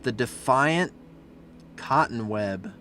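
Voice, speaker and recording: A young man streaming as he reviews fan art, chatting casually and breaking into loud, profane rants. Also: medium pitch, expressive, takes it slowly, a little hiss or hum. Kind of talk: live-stream commentary.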